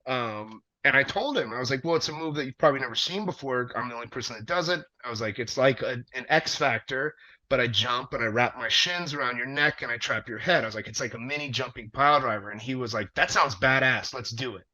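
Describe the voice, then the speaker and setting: A man, a wrestler, telling a long story in casual conversation, animated and profane with plenty of fillers. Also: medium pitch, fast. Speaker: wrestler guest. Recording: dull lo-fi audio.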